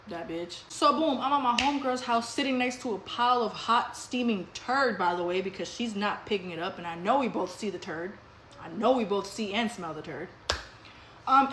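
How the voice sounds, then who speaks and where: A woman's voice: a little high, fairly bright tone, roomy sound, slight background noise, low-quality recording. A woman telling a story in a casual storytime vlog, blunt and profane with punchy delivery.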